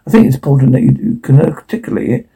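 Gravelly husky man reading captions. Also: mid-range voice, expressive, quick pace, dark tone, low-quality recording. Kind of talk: reading subtitles and sound captions aloud.

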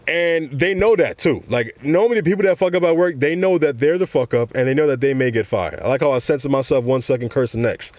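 A man's voice: a little high, darkish tone, no room sound. A young man hosting a podcast, talking casually and rambling as he addresses his listeners directly. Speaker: podcast host. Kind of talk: casual commentary.

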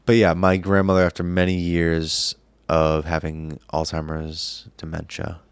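A man in his late twenties in casual chat, speaking haltingly and softly with many pauses. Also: sits low, monotone, clean tone, no room sound. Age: 20s. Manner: halting, soft-spoken, many pauses and fillers.

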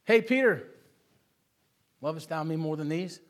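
A preacher voicing the Lord as a gentle, patient God who asks soft questions. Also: male voice, on the high side, expressive, pitched below the performer's own voice. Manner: hushed, slow and tender.

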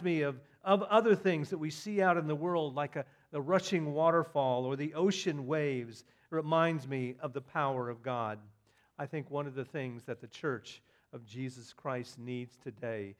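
A man preaching a sermon, dropping to soft asides and then rising to loud emphatic declarations. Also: on the high side, moderate pace. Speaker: pastor.

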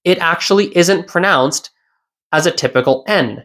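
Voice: mid-range voice, animated, fairly quick, fairly bright tone. A language teacher hosts a solo lesson podcast in a mid-range voice. The delivery is explanatory and patient, circling back to repeat each key point and posing rhetorical questions to the listener.

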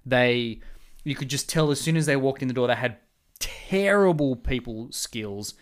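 A man's voice: mid-range voice, normal speed. Man telling a casual work story. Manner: animated anecdotes, quotes people in exaggerated voices.

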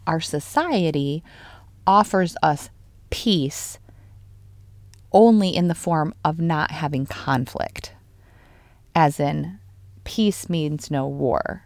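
A woman with a slightly low voice co-hosts a casual faith podcast. She talks in an animated, lively way, jumping into retold stories. The recording is dry and close. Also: takes it slowly, pauses often, no room sound. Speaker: podcast co-host.

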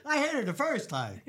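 A man's voice: very high voice, fairly bright tone. A middle-aged man with a New York Italian accent, a hair stylist telling a story in a brash, profane way and acting out the people he quotes. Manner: brash, profane, acts out quotes with big voices. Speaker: celebrity hair stylist guest. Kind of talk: animated storytelling.

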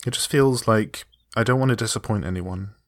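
A man's voice: lowish voice, fairly quick. A man hosting a podcast, chatting casually in a mock-dramatic comedic way. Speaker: podcast host.

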